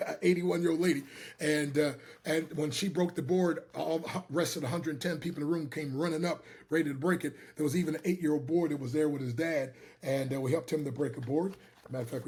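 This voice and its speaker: A middle-aged man giving an energetic motivational talk, repeating his words and calling the listener "my friend". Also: on the high side, slightly rough. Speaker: motivational speaker.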